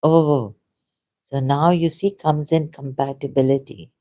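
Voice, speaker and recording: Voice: medium pitch, steady tone, unhurried, mellow. A speaker in casual conversation who talks in a rambling, hesitant, self-deprecating way. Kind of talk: casual debate chat.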